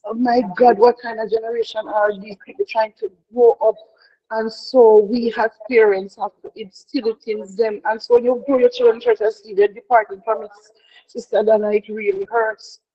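A woman's voice: fairly high pitch, normal speed. A middle-aged woman leading a prayer devotion in an earnest, heartfelt way, often repeating herself and restarting. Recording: dull lo-fi sound.

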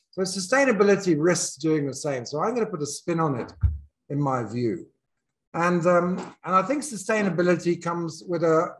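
A man with an English accent, voice set a little high, gives a reflective talk as a dean. He speaks candidly and builds his ideas aloud, often pausing and restarting his sentences. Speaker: business school dean giving a talk. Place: in South Africa.

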